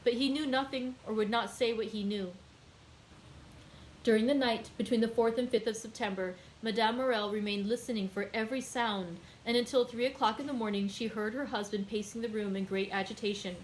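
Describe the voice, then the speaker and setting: A woman's voice: on the high side, steady tone, fairly quick, slight background noise, rough recording. Woman reading a classic novel aloud. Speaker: librarian hosting a daily read-aloud.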